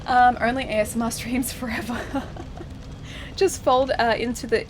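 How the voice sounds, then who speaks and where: A woman's voice: a little high, steady tone, normal speed, noisy background. A woman streamer chatting casually while she plays a game, reading viewer messages aloud and laughing often. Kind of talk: casual live-stream chat while gaming.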